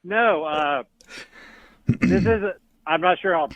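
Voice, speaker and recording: A man co-hosting a podcast in casual chat, teasing and needling his partner in a deadpan way. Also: on the high side, takes it slowly, dull audio. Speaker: podcast co-host.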